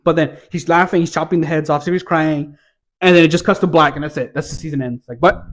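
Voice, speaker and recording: Male TV reviewer, casual exasperated rant, frequent swearing, slightly raised pitch. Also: fairly even intonation, fast talker. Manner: profane, exasperated, rambling with restarts.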